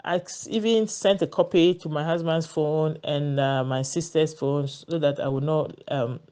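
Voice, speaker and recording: A woman's voice: sits low, fairly even intonation, a little slow, dark tone. A woman telling a personal story in a casual monologue, earnest, often repeating words as she searches for them. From Ghana. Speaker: vlogger sharing a personal story.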